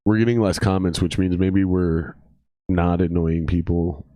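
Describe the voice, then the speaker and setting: A man's voice: deep voice, steady tone, measured pace, warm tone, no room sound, clean studio sound. A young man from the Upper Midwest hosting a podcast, talking in a loose, sweary, tired way. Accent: Upper Midwest American. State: exhausted. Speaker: podcast host. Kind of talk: casual chat.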